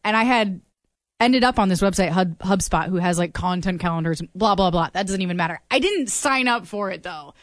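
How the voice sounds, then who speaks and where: A woman's voice: lowish voice, fairly quick, no echo, clean studio sound. A woman chatting casually and telling a wry story, acting out the voices of others. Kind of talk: casual chat.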